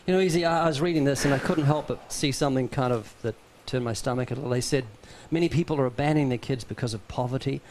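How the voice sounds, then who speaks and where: A man's voice: mid-range voice, fast, few pauses, a little mellow, a little hiss or hum. A man hosting a talk show, speaking bluntly and with emphasis. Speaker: show host. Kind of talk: casual talk-show chat.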